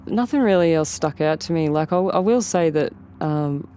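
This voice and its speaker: Mellow-voiced Australian woman telling a story. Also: sits low, animated, normal speed, clear, resonant tone. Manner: rambling, repeats and rephrases herself. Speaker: interview guest. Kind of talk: casual storytelling.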